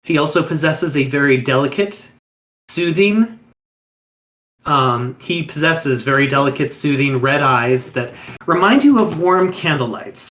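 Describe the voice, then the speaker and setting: A man running a tabletop horror role-playing session as game master, describing the scene in measured, descriptive narration. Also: on the high side, animated, fairly bright tone.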